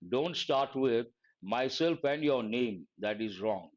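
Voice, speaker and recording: A man's voice: medium pitch, animated, slow pace, highs cut off. A man teaching a live exam-prep lesson, repeating key words and quizzing his listeners. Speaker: English teacher.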